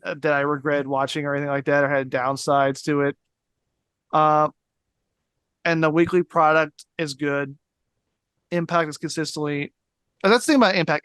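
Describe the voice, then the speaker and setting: A man's voice: a little high, fairly bright tone, clear, resonant tone, dry recording. A man on a casual panel, talking with jokey enthusiasm. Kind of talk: casual chat.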